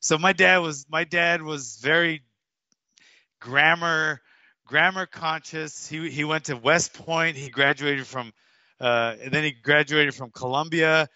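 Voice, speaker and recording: Unhurried and fairly even in intonation, this man in his fifties from Hawaii, a martial arts coach, rambles through stories in a casual interview with lots of restarts and fillers. His high-side voice sounds pushed and bright without room sound, but the recording is dull, dry and lo-fi.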